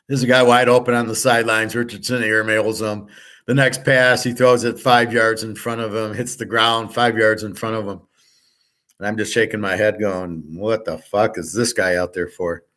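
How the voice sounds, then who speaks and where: A man's voice: medium pitch, fairly bright tone. A man hosting a sports-betting show, talking through his picks in a blunt, rambling, profane way. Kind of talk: casual betting picks talk.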